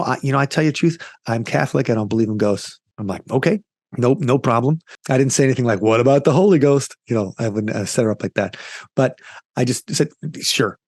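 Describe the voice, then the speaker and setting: A man's voice: medium pitch, dry recording, studio quality. A man telling a ghost story in an interview, rambling with fillers and quoting the people in it. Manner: rambling, animated retelling with quoted voices and fillers. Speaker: ghost tour company founder, guest.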